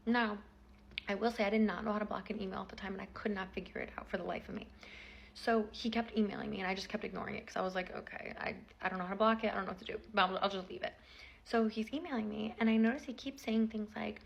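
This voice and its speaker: A woman's voice: mid-range voice, fairly even intonation, fast talker, gravelly. A woman in her twenties telling a personal story in a chatty, casual vlog style, full of fillers.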